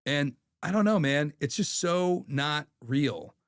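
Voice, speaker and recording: A man's voice: on the high side, expressive, slow. Candid, profane man in his thirties. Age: 30s. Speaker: podcast guest. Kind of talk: casual chat.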